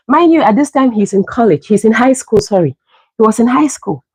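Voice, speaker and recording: Husky-voiced woman telling a story. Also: a little high, a little fast, no room sound, low-quality recording. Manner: animated, laughs often, acts out dialogue. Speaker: livestream host. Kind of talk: casual storytelling.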